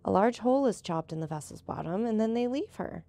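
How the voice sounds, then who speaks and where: A woman voicing a calm, seasoned male boat captain who patiently explains things. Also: medium pitch, fairly quick, gravelly, voice pushed up.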